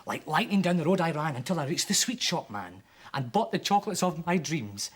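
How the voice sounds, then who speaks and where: A children's TV presenter reading a comic poem aloud for children with animated, dramatic delivery. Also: mid-range voice, brisk, breathy edge. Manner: animated, with voices for the characters.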